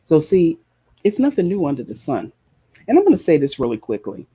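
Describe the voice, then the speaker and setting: A man's voice: a little high, wildly swooping pitch, fairly quick, mellow, husky. A man preaching a passionate sermon, repeating phrases for emphasis and addressing his listeners directly. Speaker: preacher and show host.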